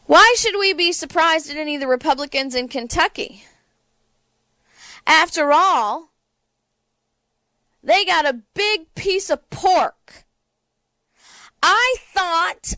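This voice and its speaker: Woman talk show host, high voice, slow and sarcastic, ranting about politics. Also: sharp tone, no echo. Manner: sarcastic, indignant. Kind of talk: political commentary.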